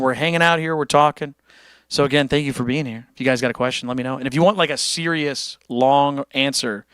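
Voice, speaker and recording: In a dry recording, a man with a clean, mid-range voice hosts a casual livestream. He's loose, profane, and animated, chatting freely and reading donations aloud.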